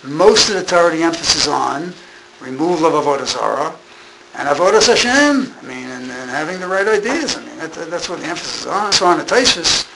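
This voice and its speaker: A man's voice: fairly high pitch, expressive, fairly quick, gravelly, a crowd in the background, low-quality recording. A man giving an informal Torah class, repeating and restating his points with emphasis. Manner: repetitive, emphatic, restarts phrases. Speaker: Torah teacher.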